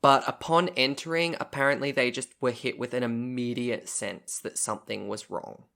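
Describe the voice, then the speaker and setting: A man with a bright, tense edge to his voice tells a long story as a podcast co-host. He is chatty and loose, swears casually and slips into the voices of the people he quotes, at a middling pitch. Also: fairly even intonation, moderate pace, creaky.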